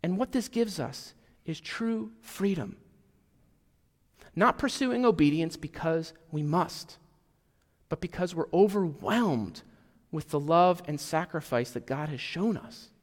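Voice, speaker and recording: A man's voice: a little high, animated, slow pace, long reverb tail. A male pastor preaching a conversational sermon, dropping to a near whisper for emphasis. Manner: conversational, with asides and self-deprecating humor. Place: church sanctuary.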